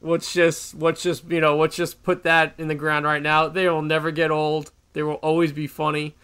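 Young man, co-host, slightly high pitch, relaxed, emphatic, easy laugh. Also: moderate pace, clean tone. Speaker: podcast co-host reviewing a movie. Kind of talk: casual chat.

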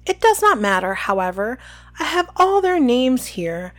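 A woman putting on a prissy, sugary female inspector who speaks with precise, self-satisfied care. Her voice sits a little high and moves lightly, a storybook villain read aloud. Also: very animated, moderate pace. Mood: prim.

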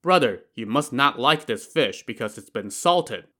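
A man's voice: medium pitch, lively intonation, a little slow, pushed and bright. A man voicing a proper, apologetic male official who speaks politely.

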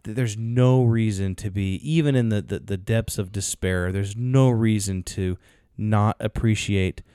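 This podcast co-host speaks in a fairly low, unhurried voice with a warm, smooth tone, recorded clean in a studio with no room sound. He casually retells a film's story in a chatty way, using fillers and acting out quotes as he goes.

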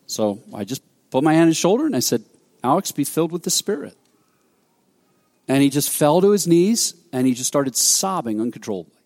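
A man's voice: medium pitch, big pitch swings, a little fast, darkish tone, in a large hall. A man preaching a sermon, telling a story animatedly and acting out quoted dialogue with frequent restarts. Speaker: pastor.

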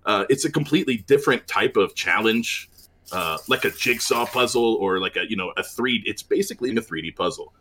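A man with a fairly low voice talking on a podcast call, earnest and complimentary. He hesitates often, filling gaps with "uh" as he works out his point. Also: expressive, fairly quick, fairly bright tone, slight background noise. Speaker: podcast co-host. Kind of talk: casual chat. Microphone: remote call with dropouts.

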